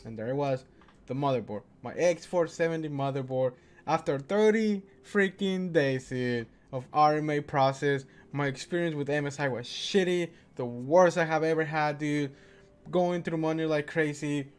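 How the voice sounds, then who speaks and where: A man's voice: fairly high pitch, moderate pace, clean tone. A young man telling a casual storytime rant, exasperated, peppering his talk with "dude" and acting out his phone calls. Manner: exasperated, says "dude" a lot, acts out quoted calls. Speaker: gaming PC vlogger.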